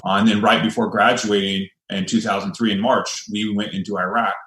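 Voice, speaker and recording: Army vet guest in his 40s, low steady voice, measured, echoey room. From United States. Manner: measured, steady, with restarts and fillers. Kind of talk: personal storytelling.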